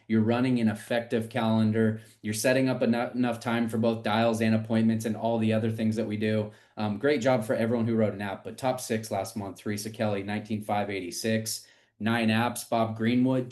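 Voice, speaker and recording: Upbeat man leading a team call. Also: mid-range voice. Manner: energetic, hypes people up. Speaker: agency leader hosting a team call. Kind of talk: upbeat team meeting shout-outs.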